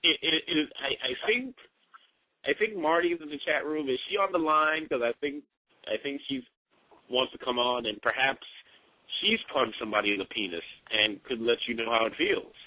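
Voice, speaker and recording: A man's voice: medium pitch, lively intonation, moderate pace, no room sound. Joking co-host man on tinny line. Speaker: radio show co-host. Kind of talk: casual banter. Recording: tinny dry phone-like sound.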